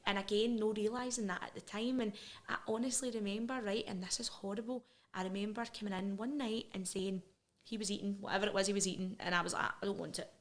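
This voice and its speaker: A woman's voice: mid-range voice, steady tone, fast talker. Frank Scottish woman telling her story. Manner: frank and emotional, with frequent restarts. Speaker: interview guest. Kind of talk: candid personal interview.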